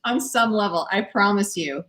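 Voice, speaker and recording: A young adult woman giving a live-stream tarot reading from home, animated and encouraging, often laughing as she talks. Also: medium pitch, moderate pace. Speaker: tarot reader. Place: home, dog nearby.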